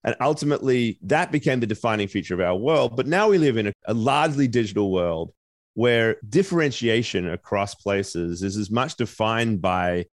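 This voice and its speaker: A man's voice: on the low side, expressive, moderate pace, no room sound, clean studio sound. A man with an Australian accent, hosting a panel discussion and telling stories in a thoughtful, discursive way.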